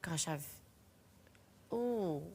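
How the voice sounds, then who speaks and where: A woman's voice: lowish voice, expressive, very slow, warm tone. A middle-aged woman presenting live home-shopping jewellery sales in a chatty, rambling way, talking straight to the viewers.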